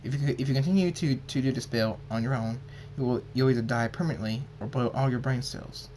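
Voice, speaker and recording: A man's voice: medium pitch, a little fast, a little mellow, a little hiss or hum, natural voice. A man doing a rambling, fretful pony doctor. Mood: worried. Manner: rambling, stumbling over words. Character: nervous male pony doctor, blunt and chatty.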